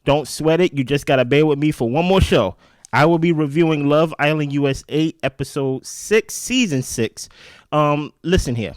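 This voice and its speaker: A man's voice: fairly high pitch, normal speed, clear, resonant tone, no echo. A young adult man hosting a show and recapping an episode in casual, opinionated chat, talking straight to viewers and often asking "right?". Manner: chatty and opinionated, addresses viewers directly, checks in with frequent "right?". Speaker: show host.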